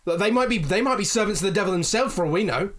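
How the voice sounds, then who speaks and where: A man's voice: high-pitched, animated, very fast, over a noisy crowd, pitched above the performer's own voice. A man doing a sputtering, hot-headed camp worker. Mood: angry, suspicious. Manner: swearing, sputtering, accusing.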